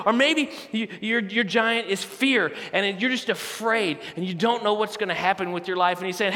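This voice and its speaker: A man preaching a sermon as a campus pastor, telling a story with animated, conversational asides in a large church auditorium. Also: sits high, a little fast, few pauses. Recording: reverberant large hall.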